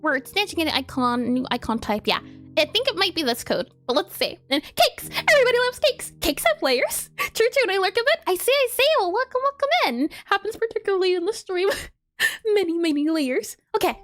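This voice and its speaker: A woman's voice: extremely high pitch, very animated, fairly quick, a bit bright, faint music behind. A woman game developer on a casual live coding stream, giggling often and explaining her steps as she thinks aloud.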